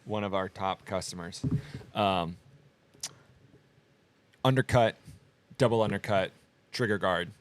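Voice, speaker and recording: A man co-hosting a podcast in a relaxed, joking manner, reading out listener comments and talking about shop plans. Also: deep voice, takes it slowly, pauses often. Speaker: podcast co-host. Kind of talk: casual podcast chat. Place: small machine shop studio.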